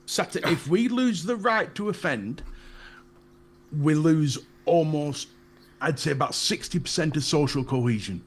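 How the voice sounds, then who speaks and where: Lively, high-pitched Northern English man ranting. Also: measured pace, husky. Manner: blunt, ranting, sweary, laughs at own jokes. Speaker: podcast co-host. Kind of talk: casual live chat.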